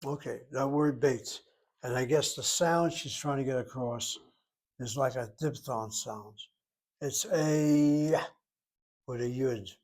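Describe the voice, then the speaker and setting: A man's voice: mid-range voice, fairly even intonation, unhurried. Man, Hebrew teacher, methodical, explains step by step, informal lesson.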